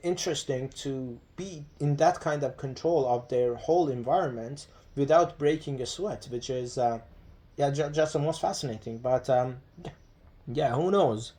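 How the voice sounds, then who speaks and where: A man's voice: medium pitch, moderate pace, dark tone. Hesitant man musing aloud. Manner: hesitant, many restarts and fillers. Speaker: vlogger. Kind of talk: casual reflective monologue.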